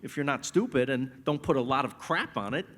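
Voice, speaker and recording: A man's voice: medium pitch, brisk. An older man telling family stories as a guest at a live stage interview, acting out voices as he goes. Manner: animated storyteller, acts out family voices. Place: stage in a large hall. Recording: reverberant hall.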